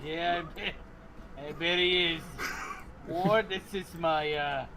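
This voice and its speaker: A man's voice: on the high side, steady tone, slow, a loud crowd. A man playing a tabletop game, speaking in dry, muttered remarks. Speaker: player.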